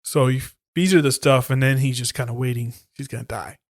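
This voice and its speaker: Swearing constantly and voicing the characters himself, this co-host animatedly recaps a horror film during casual podcast talk. He speaks at a medium pitch and fairly quickly, on a dry, clean studio recording.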